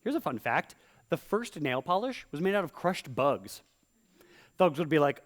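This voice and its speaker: Lively stand-up comic doing rhymes. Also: male voice, fairly high pitch, a little hiss or hum. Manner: playful, theatrical, quick vocal impressions. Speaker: stand-up comedian. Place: live comedy stage with audience.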